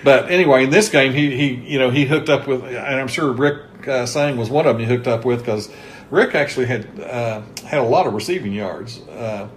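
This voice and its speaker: A man with a Kentucky accent hosts a relaxed sports history interview. He chats along in a mid-range voice, piling up scores and yardage. A faint hum sits under the talk. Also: medium pitch, normal speed. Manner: chatty, reels off season statistics. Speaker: host interviewing a former coach.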